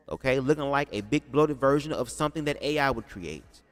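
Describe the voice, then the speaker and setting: A man's voice: medium pitch, lively intonation, a little fast, in a large hall, soft background music. A man casually commenting on a livestream, talking loosely with plenty of swearing and calling out viewers in the chat. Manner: loose, profane, talks to the chat. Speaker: streamer reacting to a video.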